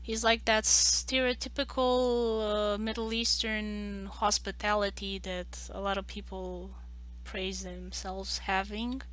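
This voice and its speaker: This artist, a young Romanian woman, talks slowly in a medium-pitched, slightly bright voice with little pitch movement. While drawing live on stream, she chats in a loose, rambling way, filled with "like" and restarts.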